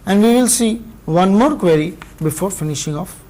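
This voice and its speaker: Higher-pitched Indian-accented male lecturer. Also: expressive, warm tone, rough recording. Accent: Indian English. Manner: measured, explanatory, pauses between phrases. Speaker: university lecturer. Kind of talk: recorded classroom lecture.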